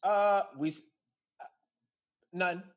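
A man's voice: high-pitched, fairly even intonation, slow pace. A man co-hosting a podcast, talking in a laid-back, reflective way and telling his own stories. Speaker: podcast co-host. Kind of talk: casual chat.

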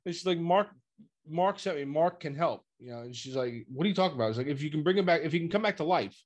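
A man's voice: on the high side, racing. A man casually recapping a TV episode with friends, acting out the characters' lines as he goes. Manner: animated, acts out quotes.

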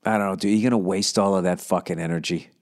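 A man's voice: deep voice, fairly even intonation, fast talker. Blunt, foul-mouthed man giving advice. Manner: profane, blunt, rambling. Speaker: podcast host answering listener questions. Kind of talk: casual advice chat.

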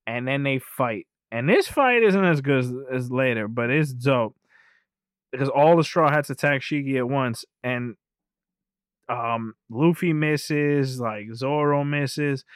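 A man's voice: medium pitch, unhurried, smooth, dry recording. Rambling, profane man on a close mic. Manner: rambling and profane, laughs often, skims with "whatever". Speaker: podcast co-host. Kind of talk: casual chat recapping an anime film.

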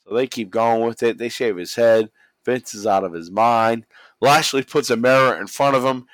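A man excitedly recapping a wrestling match in casual chat, swearing a lot and acting out the wrestlers' lines. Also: medium pitch, moderate pace, no room sound. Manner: animated, swears constantly, acts out quotes. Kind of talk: casual profane play-by-play recap.

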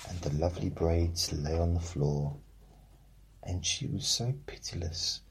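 A man with a deep, gravelly voice reads a fairy tale at an unhurried pace. His tone is husky and rough, and he drops in deadpan comic asides. The delivery feels like a bedtime story with a wink. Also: rough recording. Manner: deadpan, joking.

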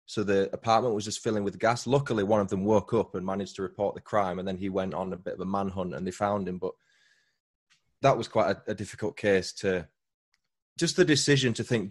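British guest, low-pitched, easygoing and explanatory; a podcaster being interviewed. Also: male voice, a little fast, breathy edge. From Britain. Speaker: true crime podcaster, guest. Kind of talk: casual interview conversation.

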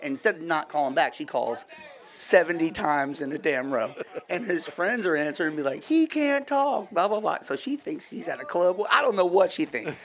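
Fast-talking man telling a fishing story. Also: a little high. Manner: quick, animated, full of "like". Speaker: charter boat captain. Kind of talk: casual storytelling.

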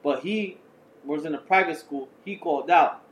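A man's voice: a little high, normal speed. A man telling casual stories in a chat, swearing and acting out voices. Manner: animated storyteller, swears, acts out quoted voices. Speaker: podcast co-host. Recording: echoey room with faint ambient noise.

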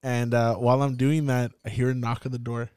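Smooth-voiced man swapping stories, dry sound. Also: medium pitch, a little fast, dry recording. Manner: profane, animated storyteller acting out scenes. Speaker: podcast host. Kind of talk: casual chat.

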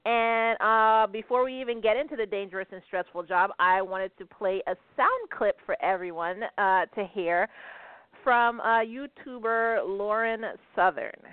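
A woman's voice: mid-range voice, measured pace, smooth, dry recording. Woman host of a call-in style chat show, teasing and laugh-prone, tinny phone-like sound. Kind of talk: casual panel chat.

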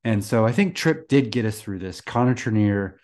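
Guy with a lowish voice chatting on a podcast, laid back, laughs a lot. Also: normal speed. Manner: relaxed, chuckles often, frequent restarts. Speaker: podcast co-host. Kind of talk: casual chat.

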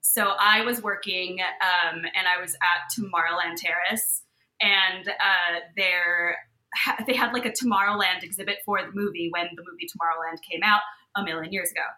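Lady cohost chatting away, bright voice, kinda roomy echo, acts out the people in her story. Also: lowish voice, fairly even intonation, moderate pace. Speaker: podcast co-host. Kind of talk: casual storytelling chat.

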